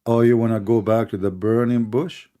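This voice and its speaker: A middle-aged man hosting a combative live debate, talking fast with a mocking, sarcastic manner. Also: lowish voice, steady tone, warm tone, smooth. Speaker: host debating a caller.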